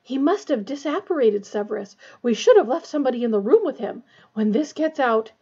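Pompous fretful official, read by a woman; husky, dull lo-fi audio. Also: on the high side, expressive, a little fast, dark tone. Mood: blustering. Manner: blustering, puffing. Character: flustered pompous male government minister.

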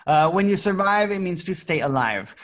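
Lively American man teaching children. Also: high voice, moderate pace. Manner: playful, animated, with sound effects. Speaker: English teacher.

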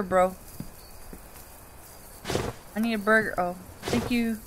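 A woman giving casual commentary on a horror game she is playing. She swings from quiet mutters to shrieks and laughs often. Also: a little high, big pitch swings, slow, long pauses, a little hiss or hum. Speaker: gaming channel host.

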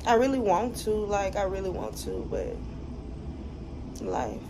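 A woman's voice: mid-range voice, very animated, unhurried, mellow. Fed-up woman venting to camera. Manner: upset, venting, profane, talking straight to viewers. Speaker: vlogger. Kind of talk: casual vlog talk to camera. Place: hotel room and car park on a trip. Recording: noisy phone recording.

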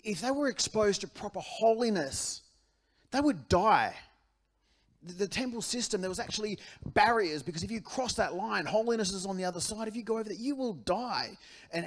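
A pastor with an Australian accent delivering a sermon in church, in a conversational, animated style that repeats key phrases. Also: male voice, fairly high pitch.

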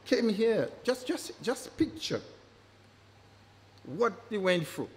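A man's voice: sits high, big pitch swings, slow. A man giving a public lecture, emphatic, often repeating words for stress. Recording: long hall reverb.

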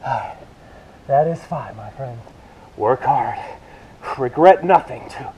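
A man's voice: medium pitch, lively intonation, slow pace, warm tone, slight background noise, rough recording. A man leading a yoga workout, counting reps and cueing moves while he exercises, out of breath. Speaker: fitness instructor. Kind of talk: coaching a workout video.

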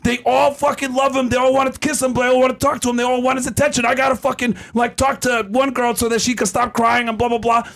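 A man hosting a podcast, telling a story in a casual, animated way, his voice hoarse from cigars. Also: very high voice, fast talker, hardly any pauses. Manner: animated, excitable, swears freely. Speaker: podcast host.

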